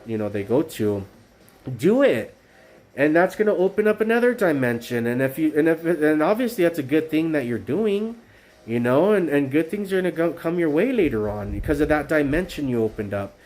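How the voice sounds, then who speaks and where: Streaming live from his phone, a man with a medium, darkish voice talks earnestly but rambles, full of fillers, restarts and repetition.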